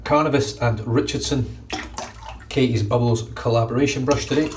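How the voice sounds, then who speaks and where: A man's voice: medium pitch, moderate pace, slight background noise. Glaswegian man, middle-aged, sweary casual chat, phone mic from a distance in a bathroom. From Scotland. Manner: swears freely, chatty. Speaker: shaving vlogger. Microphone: phone camera.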